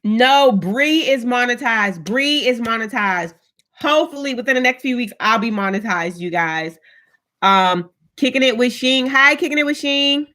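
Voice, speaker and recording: A woman's voice: on the high side, animated, normal speed, pushed and bright. A woman hosting a casual live stream, chatting upbeat and greeting viewers one by one by name.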